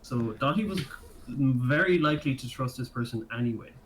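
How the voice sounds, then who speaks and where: A man's voice: medium pitch, animated, moderate pace, a little hiss or hum, rough recording. A man who is a player, describing his character's actions in a tabletop game. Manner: mixes narration with in-character lines.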